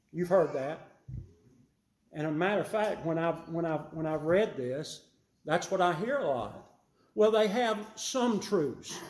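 A man preaching a sermon, emphatic and repeating his key phrases, rising louder on his main points. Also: fairly high pitch, roomy sound.

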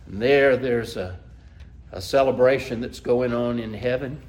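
A man preaching a sermon, telling the story emotively and asking listeners to imagine themselves there, climbing to excited peaks and then dropping soft. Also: mid-range voice, a little slow. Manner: asks listeners to imagine scenes.

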